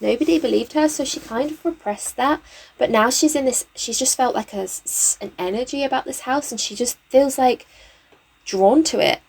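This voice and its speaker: A woman hosting a game channel, chatting excitably through a let's play with lots of fillers. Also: high voice, moderate pace, gravelly, breathy edge. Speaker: gaming channel host. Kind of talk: casual let's play commentary.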